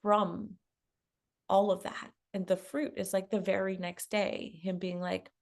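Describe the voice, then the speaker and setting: Woman coach chatting, lively storyteller, laughs a lot, mid pitch. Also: a little slow. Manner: animated, laughs often, acts out quotes. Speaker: love coach, guest. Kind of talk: casual storytelling in a conversation.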